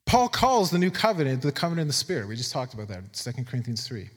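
A man's voice: mid-range voice, very animated, fast, husky, big-room sound. A man preaching a sermon in a conversational way, reading scripture aloud with emphatic asides and repeating words for emphasis. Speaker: pastor.

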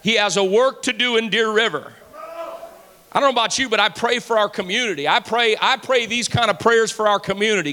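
A man's voice: high voice, a little fast. A pastor preaching a fervent sermon to his church. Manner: fervent preaching, rising to shouts. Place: church sanctuary. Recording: hall reverb.

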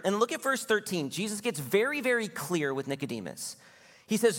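Earnest pastor preaching in a hall. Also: male voice, high voice, big pitch swings, a bit bright. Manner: earnest, exhorting, quick bursts. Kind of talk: sermon.

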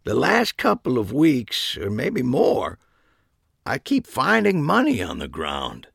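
A man voicing a gruff older widower who talks in a flat, deadpan way for an audiobook. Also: mid-range voice, takes it slowly, dry recording, studio quality, pitched above the performer's own voice, exaggerated voice. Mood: reminiscing. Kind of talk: audiobook character voice.

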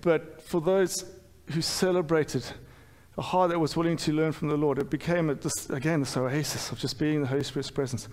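A middle-aged man delivers a sermon in a fairly high voice. He talks candidly and pokes fun at himself, stumbling through restarts and fillers. His voice rings out with a long reverb in a church hall. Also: fairly even intonation, a little fast, darkish tone. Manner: candid, self-deprecating, with frequent fillers and restarts. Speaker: pastor.

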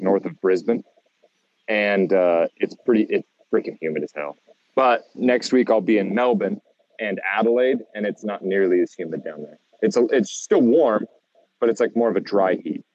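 A man's voice: fairly low pitch, normal speed, dry recording, highs cut off. A young American man co-hosting a casual podcast, laid-back and saying "dude" a lot. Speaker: podcast co-host.

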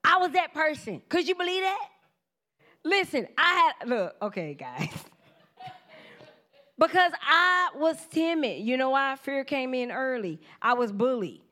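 A woman in her forties giving a casual testimony sermon, telling animated stories, acting out quoted voices, laughing often and speaking straight to the congregation. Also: sits high, a little slow. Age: 40s. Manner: informal church talk, addresses the congregation directly.

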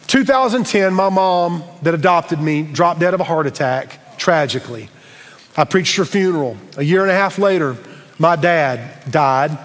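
A man's voice: high voice, big-room sound. A middle-aged man, preaching a sermon in a conversational, storytelling way with humorous asides. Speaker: pastor.

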